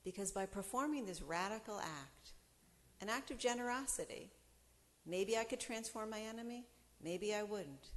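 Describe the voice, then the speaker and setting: Middle-aged woman telling a story on stage, acts out the quotes, kinda low voice, lots of hall echo. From United States. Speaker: speaker. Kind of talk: storytelling talk.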